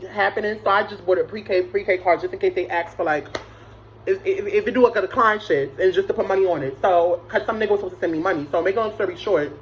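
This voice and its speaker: A young woman tells a long, rambling story in casual, profane talk, stumbling over restarts and fillers. Her voice sits at an ordinary middle pitch. The recording is a little dull and lo-fi, with a faint hiss behind it. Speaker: vlogger. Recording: slightly dull lo-fi sound with faint noise.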